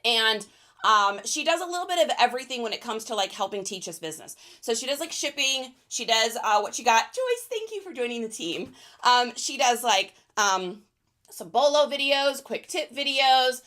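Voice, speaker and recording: Woman chatting on a reseller livestream, bright lively voice, bouncing all over. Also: moderate pace. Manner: high-energy, chatty, reads out viewer names. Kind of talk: casual livestream chat while packing orders.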